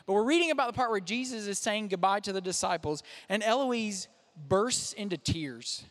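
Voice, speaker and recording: A man's voice: high-pitched, expressive, normal speed, a bit bright. A young man, a pastor, preaching a sermon in a conversational, self-deprecating way. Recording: reverberant hall.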